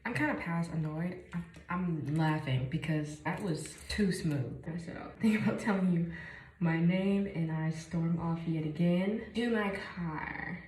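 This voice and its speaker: Young woman vlogger, lowish voice, chatty story time in an echoey room with faint hiss. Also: a little slow. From Chicago. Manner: animated, jumps between whispers and bursts of exclaiming. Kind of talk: casual story time while doing makeup.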